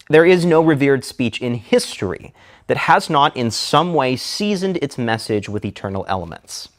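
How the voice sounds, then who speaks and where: A male public speaking instructor delivers a scripted lecture. His delivery is measured and deliberate, and he slows down for emphasis. His voice sits at an ordinary middle pitch.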